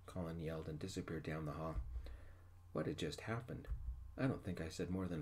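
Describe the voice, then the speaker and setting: A man telling a first-person story in a gentle, unhurried, soft-spoken ASMR style, whispered role-play. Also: extremely low pitch.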